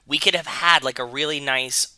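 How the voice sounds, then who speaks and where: A man with a medium-pitched, steady, sharp voice talks at a normal speed in a smooth recording with no echo. He co-hosts a casual movie-review podcast, discussing a film animatedly and laughing often.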